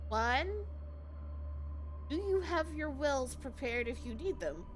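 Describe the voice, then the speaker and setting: A woman's voice: sits high, expressive, slow, slight background noise. A woman playing a tabletop game, casual and bubbly, often laughing. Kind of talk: casual in-character play.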